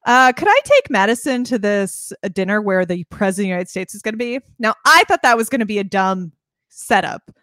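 Animated woman riffing on a movie. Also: medium pitch, brisk, no echo, clean studio sound. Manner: animated, acts out scenes in voices. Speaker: podcast co-host. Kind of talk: casual movie discussion.

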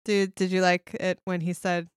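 A woman's voice: on the low side, little pitch movement, normal speed, smooth, no echo. Young woman co-host, chatty and giggly, dry close sound. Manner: laughs often, reads plot summary aloud. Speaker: podcast co-host. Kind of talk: casual chat recapping a film.

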